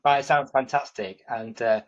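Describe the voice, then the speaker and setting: An upbeat man hosts the interview, affirming the guest's answers before passing the conversation along. His voice comes through muffled and lo-fi. The pitch sits in a middle range. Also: steady tone, normal speed. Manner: upbeat, affirming, hands over to others. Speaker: host. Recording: dull lo-fi sound.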